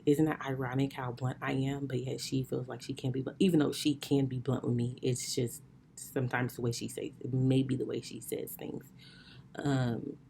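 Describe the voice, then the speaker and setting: A woman with a low voice chats to her listeners and tells them a personal story. Her tone is mellow and unhurried, and she laughs often and calls her audience y'all. It sounds like a casual solo podcast episode. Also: vocal fry, slight background noise. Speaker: podcast host.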